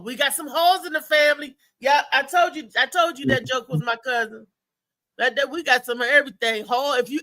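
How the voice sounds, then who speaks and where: A woman hosting a live talk show, chatting casually and telling rambling stories with a lot of laughter. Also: sits high. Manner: animated rambling storyteller, laughs often.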